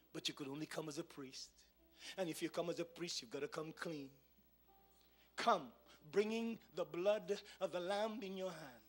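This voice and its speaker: A man preaching a sermon as pastor, dropping to a hush and then rising to shouts. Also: fairly high pitch, husky. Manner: swings from hushed to shouting.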